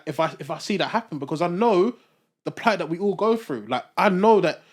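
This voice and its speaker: A man, a podcast co-host in casual discussion, talking quickly with many restarts and repeated words. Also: fairly high pitch.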